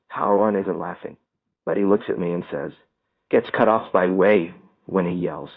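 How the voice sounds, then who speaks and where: A man reading a first-person story aloud as an audiobook narrator, telling it in a steady storytelling manner. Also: low-pitched, moderate pace, vocal fry, no echo. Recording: tinny phone-like dry sound.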